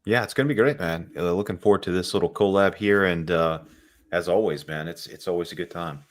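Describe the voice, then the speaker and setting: A man's voice: low-pitched, brisk. A man co-hosting a casual live stream, laid-back and trailing off with fillers. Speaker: co-host of a movie watch party stream.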